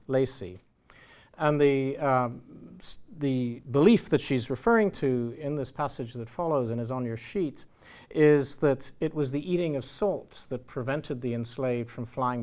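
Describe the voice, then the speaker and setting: A man with an Irish accent giving an academic lecture in a measured way, with frequent "uh" and "um". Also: mid-range voice. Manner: measured, reads quotations aloud, frequent "uh" and "um".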